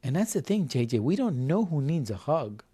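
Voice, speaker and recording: Earnest man with a mellow voice. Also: fairly high pitch, sing-song, normal speed, slightly rough. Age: 50s. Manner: repeats words and restarts often, earnest and heartfelt. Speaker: podcast guest. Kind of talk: conversational interview storytelling.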